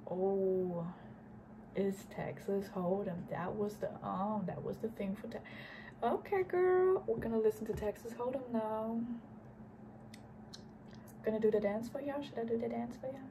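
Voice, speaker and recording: A woman's voice: medium pitch, moderate pace, noisy background. A woman chatting casually while reacting to an album, musing aloud and sometimes dropping to a whisper. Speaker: music reaction host.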